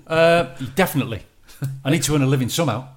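Male guest, radio football commentator, relaxed, easygoing chat. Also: fairly high pitch, quick pace, soft background music. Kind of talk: casual interview chat.

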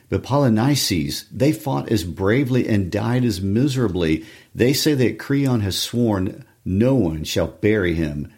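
A man's voice: deep voice, a little mellow, breathy edge, heavily acted. A man reading the part of a brave, headstrong young woman, speaking firmly and with determination in a classroom play reading. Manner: firm, determined read-aloud.

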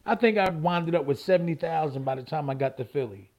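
Older man, higher-pitched and animated. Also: fast talker. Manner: vivid retelling, repeats phrases, acts out old phone calls. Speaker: guest, former boxing champion. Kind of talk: animated storytelling interview.

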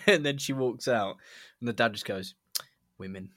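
A young man tells a story to his co-host, giggling between phrases. His pitch jumps around a lot as he talks. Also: expressive, measured pace, a bit bright, no room sound, studio quality. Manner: giggly storyteller, frequent laughs. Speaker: podcast co-host. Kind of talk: casual chat.

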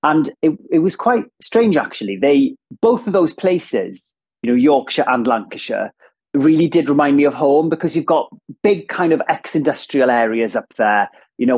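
Lively husky man with a strong south-west Welsh accent. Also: mid-range voice. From Ammanford, south-west Wales. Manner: lively, animated, laughs while talking. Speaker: guest, TV presenter. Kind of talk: casual interview chat.

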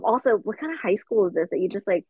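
A woman's voice: medium pitch, expressive, fast, a little mellow, husky, no room sound. A young woman with a Southern California accent, co-hosting a podcast in a chatty, casual way full of fillers and restarts. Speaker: podcast co-host. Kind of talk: casual chat. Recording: dry, slightly dull lo-fi audio.

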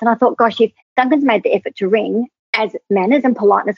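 Woman, emphatic storytelling, husky, phone-like audio. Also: medium pitch, fast talker, few pauses, dry recording. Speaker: guest. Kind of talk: storytelling advice on leadership. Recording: tinny phone-like, husky, dry.

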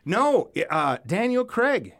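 A man hosting a podcast, telling loud, animated stories in casual chat and swearing freely. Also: high-pitched, slow. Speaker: podcast host.

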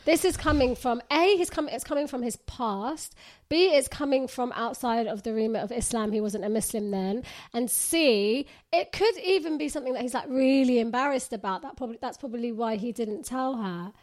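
Woman, fairly high voice, co-host, earnest casual advice. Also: moderate pace. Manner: earnest, advice-giving, jokey. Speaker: podcast co-host. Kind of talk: casual chat.

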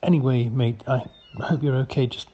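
A man's voice: medium pitch, steady tone, normal speed, mellow, husky, dull audio. A man leaving a hesitant, matter-of-fact voicemail for a friend in a comic sketch, full of ums.

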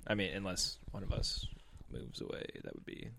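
Low-voiced man in teasing banter. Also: lively intonation, normal speed, creaky, a bit bright, a little hiss or hum. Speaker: podcast guest. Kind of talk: casual chat.

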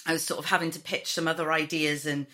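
A Welsh woman in her thirties, a comedy writer chatting casually and telling animated stories, swearing freely and acting out other people's voices. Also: sits low, fast talker. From Wales. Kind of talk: casual chat.

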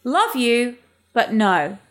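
A woman talks in a slightly high voice. She is candid and blunt in casual podcast chat and swears freely. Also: very animated, takes it slowly.

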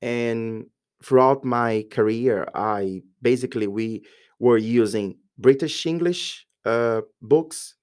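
A Brazilian man in his forties, a native Portuguese speaker, talking in accented English as a podcast guest. His voice sits at a middling pitch. He tells his stories with energy. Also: slow pace, clean tone. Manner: lively storyteller who acts out quoted voices. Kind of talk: casual podcast interview.

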